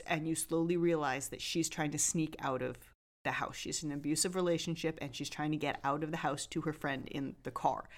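A woman guest in a casual podcast chat, with a somewhat low voice for a woman. She talks animatedly, jumps into acted-out quotes and laughs often.

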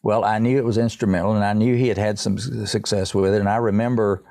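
A man's voice: lowish voice, steady tone, fast talker, creaky, dark tone, no echo, studio quality. A man being interviewed, telling a long rambling story about his music and often restarting his sentences. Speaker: songwriter guest.

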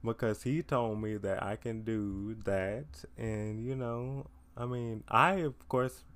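Tired teen male podcast host, lowish smooth voice, rambling casual chat full of fillers. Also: steady tone, slow, fairly bright tone. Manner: rambling, filler-heavy, self-deprecating.

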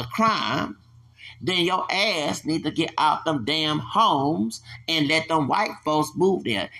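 A man in his forties delivering an angry, profane solo podcast rant. He stammers, restarts his sentences and breaks into loud, heated bursts. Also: on the high side, creaky. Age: 40s. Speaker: podcast host.

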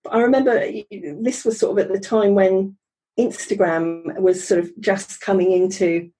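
A middle-aged woman recounting her life story as an interview guest. Her voice is soft, husky and mellow, and she talks in a chatty, wry way, stopping and restarting often. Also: medium pitch, steady tone, moderate pace, faint music behind, low-quality recording. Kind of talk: conversational storytelling.

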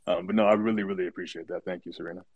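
A man with a deep, low voice moderates a casual online chat. He talks hesitantly, with many fillers, in a dry, close sound. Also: steady tone, very fast, dry recording, highs cut off. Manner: hesitant, filler-heavy, appreciative.

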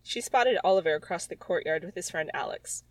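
A woman's voice: lowish voice, animated, fairly quick, no echo, rough recording. A woman reading her own childhood story aloud, with sarcastic, exasperated comic asides. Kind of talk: comedic reading with commentary.

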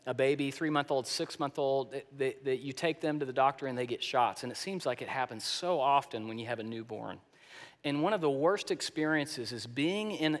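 Preaching with emphasis, this male pastor has a mid-range voice and alternates booming declarations with quiet, whispered lines, often saying words more than once. A large hall's long reverb surrounds the recording.

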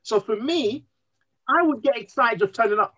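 A man, speaking as a podcast guest, earnest and emotional, telling his story in an animated way. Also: very high-pitched, normal speed, muffled recording. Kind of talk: candid interview conversation.

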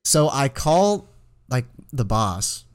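A man's voice: mid-range voice, sing-song, slow pace, clear, resonant tone. A young man in his twenties, co-hosting a podcast and telling a rambling story full of fillers in casual chat. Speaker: podcast co-host.

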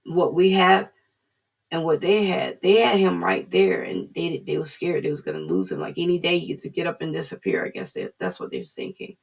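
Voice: medium pitch, gravelly, breathy edge. A speaker giving an informal devotional talk, earnest and repeating key phrases for emphasis.

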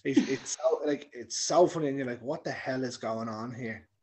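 A man's voice: mid-range voice, normal speed, darkish tone, husky. A man co-hosting a podcast, chatting casually with short remarks and tag questions. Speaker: podcast co-host. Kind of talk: casual film chat.

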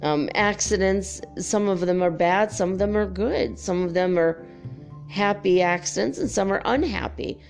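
Middle-aged woman vlogger, raspy fry in her voice, loose and profane, animated storyteller. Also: mid-range voice, normal speed, faint music behind. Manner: chatty, swears freely, animated storytelling. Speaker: spiritual vlogger. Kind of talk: casual chat.

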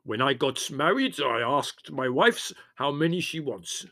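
A man voicing a gruff, blustering man who speaks loud broken English and scolds with drawn-out words. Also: medium pitch, sing-song, voice pushed up, heavily acted. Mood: disgusted.

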